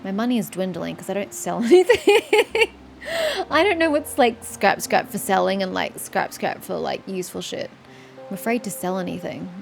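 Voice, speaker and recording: A woman's voice: mid-range voice, lively intonation, normal speed, gravelly, faint music behind. A woman playing a story game, chatting and thinking aloud with casual swearing. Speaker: gamer. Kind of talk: let's play commentary.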